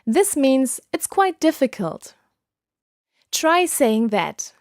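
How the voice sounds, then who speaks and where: Woman podcast language teacher; measured, clearly enunciated, close mic, dry booth. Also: high-pitched, very animated, darkish tone, no room sound. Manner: patient, slow and clearly enunciated instruction. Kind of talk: scripted podcast lesson.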